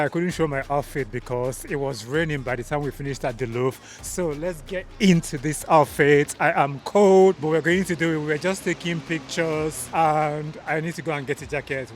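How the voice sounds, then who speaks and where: A man from Nigeria talking casually to his phone camera in a travel vlog, chatty and emphatic, doubling words for stress. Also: medium pitch. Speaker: vlogger.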